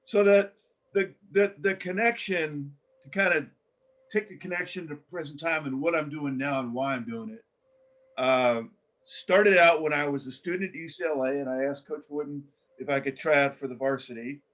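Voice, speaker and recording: An older man speaks as a guest in a relaxed interview, fairly high for a man. He tells his stories with animation and keeps restarting his sentences as he goes. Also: moderate pace, low-quality recording. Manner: animated storyteller with many restarts. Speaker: guest, former coach. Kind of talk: casual storytelling interview.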